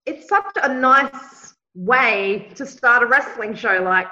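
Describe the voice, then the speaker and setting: A woman's voice: fairly high pitch, slow pace, sharp tone. A woman in casual podcast chat, eager and enthusiastic. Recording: dull lo-fi recording.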